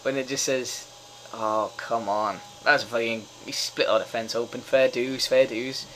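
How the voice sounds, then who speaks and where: A man's voice: mid-range voice, normal speed, slight background noise, rough recording. A young man giving casual live commentary over a football management game, swearing freely and cheering when his team scores. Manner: excitable, swears often, cheers at goals. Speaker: gamer doing live commentary.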